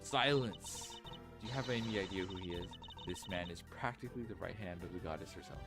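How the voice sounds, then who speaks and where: Brief: man as curt, formal young female prosecutor, low-ish voice, game music behind. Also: a little fast. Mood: stern, formal. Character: stern young woman prosecutor, strict and formal.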